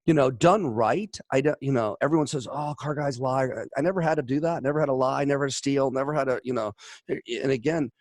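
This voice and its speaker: A man from Chicago hosting his own podcast, talking quickly and bluntly. He tells stories with energy and gives motivational advice. His voice sits in a middle register and sounds dry and close. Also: medium pitch, dry recording. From Chicago, USA. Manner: energetic storyteller, acts out quotes. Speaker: host. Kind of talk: casual podcast conversation.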